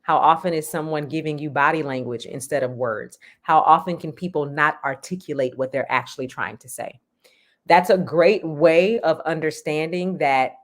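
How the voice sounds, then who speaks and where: Low-pitched woman from Texas; teaching interview guest who asks rhetorical questions and laughs easily. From Houston, Texas. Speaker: script consultant, guest. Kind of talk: interview conversation.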